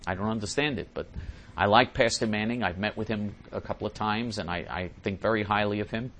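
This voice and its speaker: A man's voice: lowish voice, fairly quick, a bit bright, slight background noise. A male talk show host answering listener letters in an emphatic, repetitive way.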